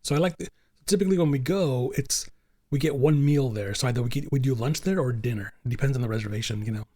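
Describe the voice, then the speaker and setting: A podcast host chats casually, rambling with plenty of fillers and restarts. He speaks quickly in a medium-pitched voice with a dark tone, recorded clean in a studio with no echo.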